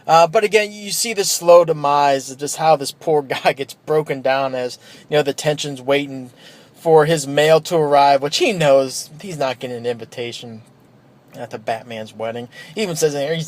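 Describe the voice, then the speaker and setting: A man's voice: a little high, normal speed, a little mellow. A man casually reviewing a comic book, rambling with fillers and restarts.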